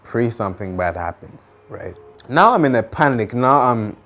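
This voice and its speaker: A young man casually telling a childhood story, lively and dramatic, with lots of fillers. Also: mid-range voice, normal speed.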